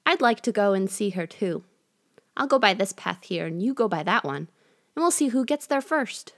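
A woman doing a sly, gruff storybook wolf. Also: mid-range voice, animated, normal speed. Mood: coaxing. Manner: coaxing, falsely sweet. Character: sly hungry male wolf, gruff and scheming. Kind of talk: storybook reading.

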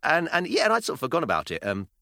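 British guy in his 30s chatting on a podcast, really lively pitch, laughs a lot. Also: racing, creaky, no echo, studio quality. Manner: animated storyteller, laughing, acting out his kids' lines. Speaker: podcast co-host. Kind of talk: casual chat.

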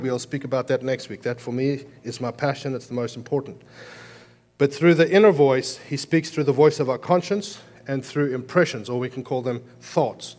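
A man preaching a sermon as pastor, moving between emphatic raised lines and quiet, earnest explanation. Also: mid-range voice.

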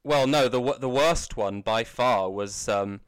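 Deadpan man, smooth voice. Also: medium pitch, measured pace. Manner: dry, deadpan humour. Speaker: podcast co-host. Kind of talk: casual podcast banter.

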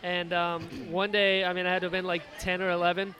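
High-voiced, bright-toned male podcast host. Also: flat delivery, fairly quick, a faint crowd. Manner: easygoing, laughs often and eggs the guest on. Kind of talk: casual chat.

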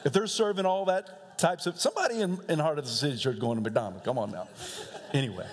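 Joking preacher in a reverberant hall. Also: male voice, fairly high pitch, quick pace. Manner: joking, conversational, laughs often. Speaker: pastor. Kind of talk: sermon. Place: church sanctuary.

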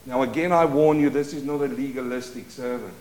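Emphatic pastor in echoey church. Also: male voice, medium pitch, steady tone, a little fast. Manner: preaching with call-and-response prompts to the congregation; swings between quiet asides and loud emphatic declarations. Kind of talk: sermon.

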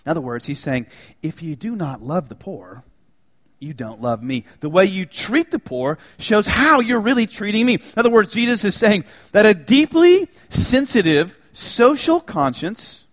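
Male pastor, sermon delivery, animated and high, long church reverb. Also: normal speed. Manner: dramatic shifts between loud rhetorical questions and hushed emphasis.

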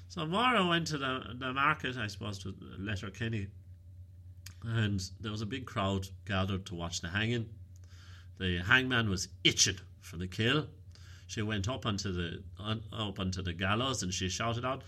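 Casting: male storyteller, bright voice, wry and animated. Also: on the low side, normal speed. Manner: lively, wry, animated telling. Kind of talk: oral folk storytelling.

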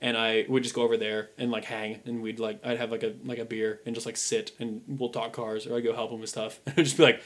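A man's voice: mid-range voice, flat delivery, fast, few pauses, fairly bright tone. A young adult man co-hosting a podcast in casual chat, rambling with many fillers. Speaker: podcast co-host.

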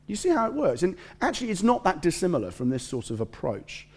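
Male preacher, sermon delivery, animated pitch that swings a lot, fairly high voice, humorous asides. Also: quick pace, husky. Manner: animated, joking asides and storytelling. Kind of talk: sermon with scripture reading.

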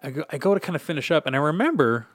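An American man co-hosting a podcast, telling a crude story in an animated, laughing way. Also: on the high side, rapid-fire, no echo, clean studio sound. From United States. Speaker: podcast co-host. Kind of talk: casual storytelling chat.

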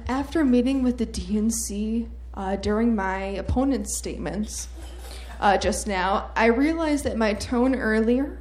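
A woman performing stand-up on a comedy stage, telling a story with deadpan mock-earnest delivery into a handheld mic. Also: on the high side. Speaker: comedy debate contestant. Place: comedy stage with live audience.

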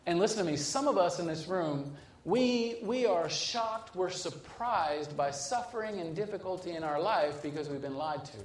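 A man preaching a sermon with a fairly high voice that rings in a roomy church hall. He shifts between urgent, rising lines and hushed, quiet stretches. He often restarts phrases with repeated words. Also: lively intonation, normal speed, slight background noise. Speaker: pastor.

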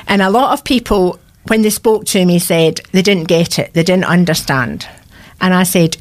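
A woman's voice: lowish voice, normal speed. Woman, 60s, radio guest, earnest heartfelt storyteller, voice prone to cracking. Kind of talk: radio interview, personal testimony.

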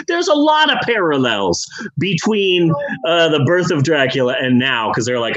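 A man's voice: a little high, sing-song, normal speed, a bit bright, poor audio. A man hosting a podcast, telling a history story in a rambling, sarcastic, casual way with the odd swear. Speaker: podcast host.

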